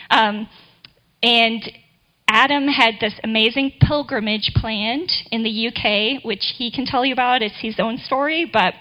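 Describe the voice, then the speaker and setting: A woman's voice: fairly high pitch, sharp tone, poor audio. A middle-aged woman giving a church talk, telling a personal story in a chatty way before reading scripture.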